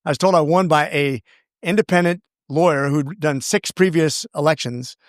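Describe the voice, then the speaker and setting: A man's voice: on the high side, normal speed, no echo, clean studio sound. A man being interviewed as a congressman, telling his story in an earnest, rambling way with many restarts. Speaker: congressman guest.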